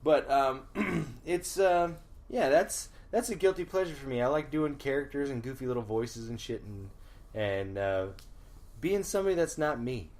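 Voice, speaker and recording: A man in his thirties rambles through a loose podcast chat. He swears freely, laughs often and stops now and then to clear his throat. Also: medium pitch, animated, moderate pace, darkish tone. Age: 30s. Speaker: podcast co-host. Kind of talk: casual chat.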